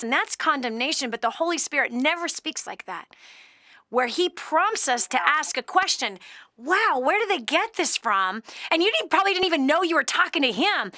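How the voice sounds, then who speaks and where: A middle-aged woman hosting a Christian call-in radio show, talking in an animated, preachy way and laughing often. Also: high voice, no echo, studio quality.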